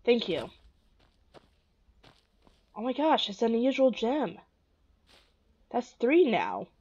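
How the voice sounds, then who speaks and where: A woman hosts a casual let's play, talking softly and slowly and repeating the same sad exclamations. Her voice sits at a middle pitch, and the recording sounds a little dull. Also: wildly swooping pitch, slightly rough. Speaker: gaming video host.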